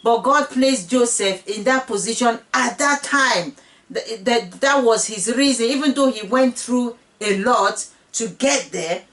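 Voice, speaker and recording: A woman's voice: fairly high pitch, distant mic. Woman host teaching scripture, earnest and personal, slightly raised voice, a little off-mic. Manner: earnest, personal, repeats phrases. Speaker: Bible teacher, channel host. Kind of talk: casual Bible teaching monologue.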